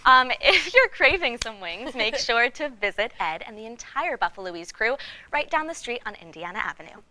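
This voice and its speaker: Young female host, bright and lively, giggly, upbeat. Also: fairly high pitch, normal speed, slight background noise. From New York. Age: young adult. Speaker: student TV host. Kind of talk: casual interview hosting.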